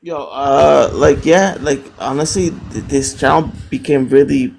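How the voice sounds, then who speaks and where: A man's voice: medium pitch, steady tone, measured pace, gravelly, a little mellow, slight background noise, poor audio. A male caller whose first language is French, speaking English with a French accent, hesitant and full of fillers. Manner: hesitant, filler-heavy, repeats words.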